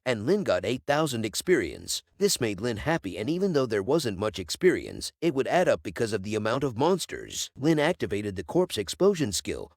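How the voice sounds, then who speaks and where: Man narrating with a lively pitch. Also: dry recording, studio quality. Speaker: recap narrator. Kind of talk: scripted narration.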